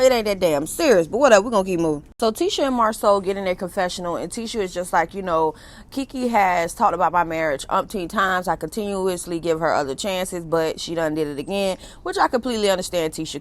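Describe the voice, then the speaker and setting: A young woman talks through a reality show in a blunt, sassy, profane style. Her voice sits at an ordinary middle pitch, and she breaks into laughter often. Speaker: reality TV recap host. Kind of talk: casual recap commentary.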